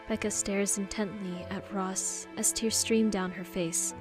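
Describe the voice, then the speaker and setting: Lady reading a story aloud, steady and expressive, soft music behind. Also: medium pitch, a little slow, few pauses. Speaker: audiobook narrator. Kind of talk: scripted story narration.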